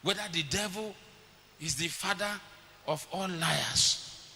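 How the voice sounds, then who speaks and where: Pastor preaching in a reverberant church. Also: male voice, a little high, slow, creaky, pushed and bright. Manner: storytelling, acts out his children's voices. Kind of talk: sermon. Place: church hall. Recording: long church reverb, faint hiss.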